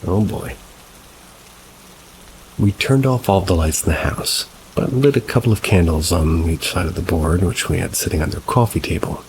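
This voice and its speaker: A man calmly narrating reader-submitted paranormal stories, adding brief asides of his own. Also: low-pitched, moderate pace, noisy background. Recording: rain sounds mixed behind the voice. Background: steady rain ambience.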